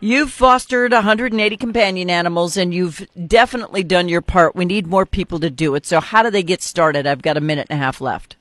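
A woman's voice: on the low side, a little fast, few pauses, fairly bright tone, dry recording. An older woman from North Dakota hosting a casual radio interview. She is chatty, blunt and laughs easily. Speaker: radio host.

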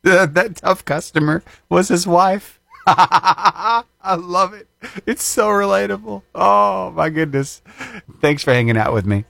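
Male host, casual chat, lively pitch, laughs often. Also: a little slow, gravelly, dry recording. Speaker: radio show host.

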